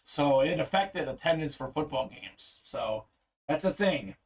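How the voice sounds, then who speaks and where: A man's voice: on the high side, expressive, a little slow. A young man hosting a live card-break stream, chatting casually and reading viewer comments aloud.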